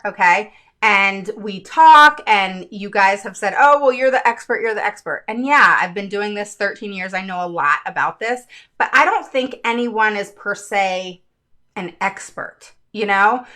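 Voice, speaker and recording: A woman's voice: mid-range voice, sharp tone. A middle-aged woman, a parent advocate hosting her own show, talking candidly and emotionally to her viewers in a casual, chatty way. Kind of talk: casual vlog talk to viewers.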